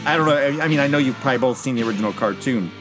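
A man's voice: mid-range voice, very fast, fairly bright tone, faint music behind. A man hosting a casual movie review podcast, rambling and restarting as he works through his notes. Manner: rambling, restarts, loses track of numbers. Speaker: podcast host.

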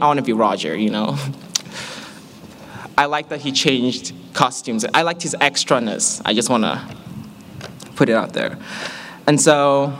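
A man's voice: mid-range voice, unhurried, slight background noise. A young man from Malaysia with an American accent, telling his personal story in a candid, self-mocking way. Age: young adult. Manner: candid, self-mocking, animated when quoting himself. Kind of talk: personal testimony talk.

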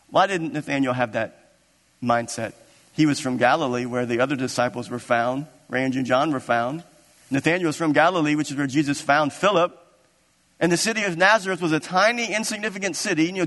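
Animated preacher in a reverberant hall. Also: male voice, fairly high pitch, fairly quick. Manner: animated, acts out scripture scenes. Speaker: pastor. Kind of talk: sermon. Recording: long reverb of a large hall.

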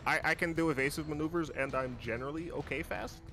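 A man's voice: fairly high pitch, fast, pushed and bright, faint music behind. Hesitant man playing a tabletop game. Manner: hesitant, full of fillers. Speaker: player. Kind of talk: casual in-character table talk.

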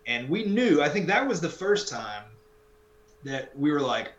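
A man chats casually on a podcast, rambling along and correcting himself as he talks. His voice sits at a middle pitch and carries a roomy echo. A faint hum runs underneath. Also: big pitch swings, a little slow, highs cut off. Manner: rambling, self-correcting, wry. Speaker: podcast co-host. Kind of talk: casual sports chat.

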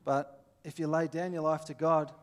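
A man's voice: fairly high pitch, flat delivery, normal speed. Earnest Australian man preaching. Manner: earnest, plainspoken, acts out little scenes. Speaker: pastor. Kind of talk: sermon.

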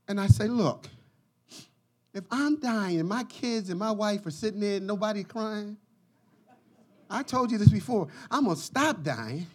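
A pastor preaching a sermon with passion, swinging from quiet lines to shouts and breaking into laughter and jokes. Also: male voice, high voice, lively intonation, normal speed, slightly rough.

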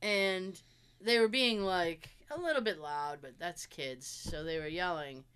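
A woman in her forties co-hosting a casual chat show, telling animated family stories with plenty of swearing and acted-out quotes. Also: on the low side, measured pace, smooth. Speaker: podcast co-host.

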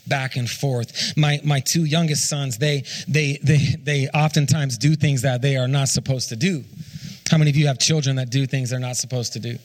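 A man's voice: medium pitch, fairly even intonation, normal speed. A man in his thirties preaching a sermon as a pastor, often stumbling over and repeating his words and putting questions to the congregation.

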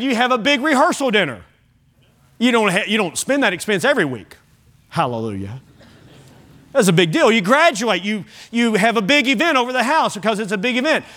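A middle-aged pastor preaches an evening sermon from the pulpit of a church sanctuary. His voice is fairly high for a man with a fairly bright tone, and his folksy talk often repeats a word or restarts a phrase before moving on.

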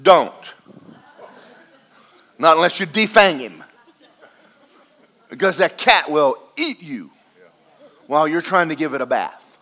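A man preaching a folksy sermon to a congregation, swinging between loud and quiet. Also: a little high, animated, slow, pauses often. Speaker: pastor. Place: church in front of a congregation.

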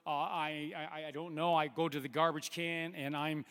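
A man in his fifties preaching a sermon, halting with fillers and restarts, then building to loud emphatic preaching. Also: fairly high pitch, level tone, clear, resonant tone. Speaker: pastor. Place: church sanctuary. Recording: long hall reverb.

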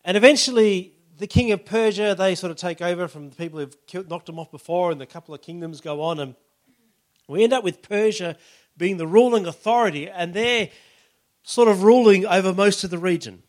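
Man, pastor, sermon, fairly high voice, conversational, casual asides. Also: brisk, darkish tone. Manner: conversational, frequent "you know" and "all right".

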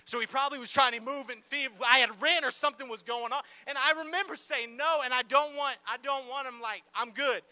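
Guy preaching at church, super high voice, chatty and joking, lots of "like". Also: fairly quick, hardly any pauses. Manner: animated and conversational, with playful asides and frequent "like" fillers. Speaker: pastor. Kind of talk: sermon. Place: church gathering in a large room.

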